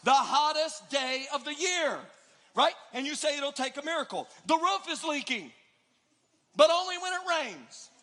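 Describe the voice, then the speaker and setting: A male preacher giving an energetic, joking sermon to a live audience, often questioning them. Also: extremely high pitch, a little slow. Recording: long hall reverb.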